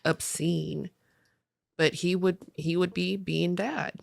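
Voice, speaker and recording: A woman co-hosts a podcast from a studio, and her voice has a gravelly, creaky edge. She chats casually, chimes in with quick reactions and fills in details. The sound is dry, with no room echo. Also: fairly low pitch, steady tone. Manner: chimes in with reactions and short agreements. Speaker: podcast co-host. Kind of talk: casual chat.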